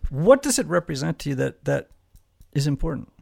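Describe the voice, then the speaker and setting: A male host with a slightly higher voice and a heavy gravelly rasp, chatting casually. He jokes and teases between his questions. The talk stays loose and friendly. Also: sing-song, brisk, darkish tone. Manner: joking, teasing questions. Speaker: podcast host. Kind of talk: casual conversational interview.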